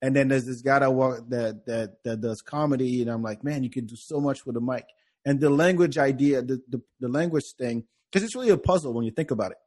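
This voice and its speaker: A man's voice: medium pitch, fairly quick, a little mellow. A man with a French accent, English not his first language, hosting a casual podcast chat and talking in rambling bursts with many restarts. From France. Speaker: podcast host.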